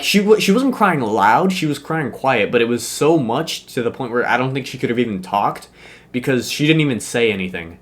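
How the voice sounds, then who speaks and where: A young man telling a school story in a casual, animated way, full of slang, swearing and fillers. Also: medium pitch.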